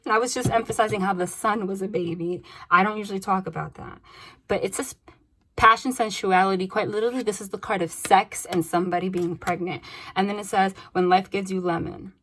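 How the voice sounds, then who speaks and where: A woman doing a casual tarot reading, blunt and animated, swearing freely and laughing between cards. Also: mid-range voice, a little fast. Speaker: tarot reader.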